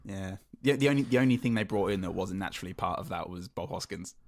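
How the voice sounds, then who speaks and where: Male podcast co-host, low voice, jokey banter. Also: fast talker, slight background noise. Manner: jokey, rambling, playful. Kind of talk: casual comedy chat.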